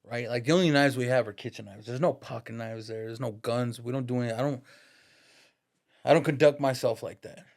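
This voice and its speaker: A brisk, medium-pitched man in his thirties, a barber appearing as a podcast guest, tells a story in a casual, slangy, profane way. He keeps peppering his talk with "dog" and "bro."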